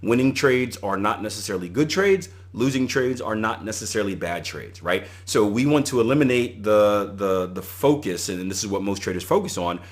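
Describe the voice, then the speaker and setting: A man's voice: on the low side, lively intonation, moderate pace, few pauses. A middle-aged man hosting a solo podcast, giving conversational coaching advice and retelling anecdotes with animation. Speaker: podcast host and trading coach.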